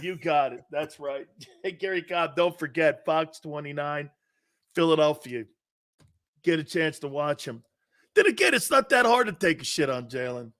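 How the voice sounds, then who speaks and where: A man's voice: a little high, animated, moderate pace, a bit bright. A man hosting a sports talk show, brash and mocking, laughing at his own jokes.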